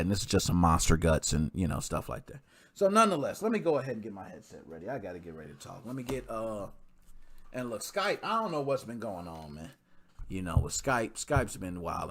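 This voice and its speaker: A young man hosting a gaming podcast, chatting casually and joking in a slangy style, talking straight to his listeners. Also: medium pitch. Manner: animated, slangy and joking, talks to listeners directly. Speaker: podcast host.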